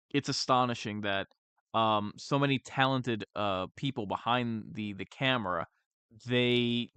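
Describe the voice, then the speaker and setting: A man's voice: mid-range voice, fairly bright tone, clear, resonant tone, no echo. Sarcastic man reviewing a horror film. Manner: sarcastic, exasperated, with halting restarts.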